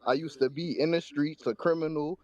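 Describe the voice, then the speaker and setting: A man's voice: on the high side, fairly even intonation, fairly quick, a little mellow. A man from New Jersey calling in to a show, defending his family background. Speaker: caller. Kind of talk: call-in argument. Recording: dull lo-fi call audio.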